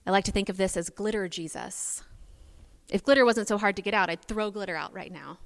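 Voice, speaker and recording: A woman preacher giving a sermon, telling the story in an animated, playful way. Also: medium pitch, fairly quick. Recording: long hall reverb.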